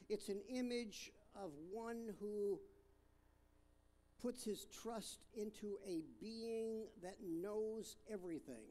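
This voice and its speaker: A man preaching a sermon, reading scripture aloud and talking it through in a halting way with fillers and restarts. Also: high-pitched, fairly even intonation, warm tone. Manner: reads scripture aloud, stressing different words.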